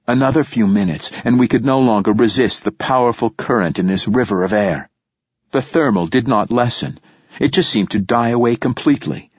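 A man narrating a story in the first person, in a steady, measured way. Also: fairly low pitch, husky, dry recording. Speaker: audiobook narrator. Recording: dull lo-fi dry recording.

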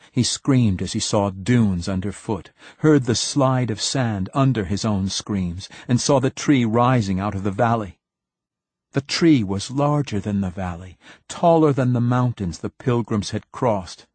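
Male audiobook narrator, measured dramatic reading, low husky voice, dry close sound. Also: darkish tone, no echo. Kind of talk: scripted narration.

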